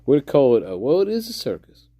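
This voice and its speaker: A man's voice: mid-range voice, wildly swooping pitch, quick pace, mellow, dry recording. A man hosting a live video, rambling in a loose monologue, swearing freely and chuckling as he trails off and restarts. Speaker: live stream host.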